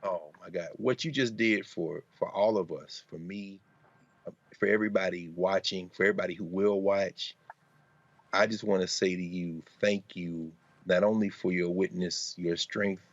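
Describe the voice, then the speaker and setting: A man's voice: deep voice, fairly even intonation, normal speed, no room sound, lo-fi sound. A man speaking on a panel show as a professor, earnest and emotional, choked up.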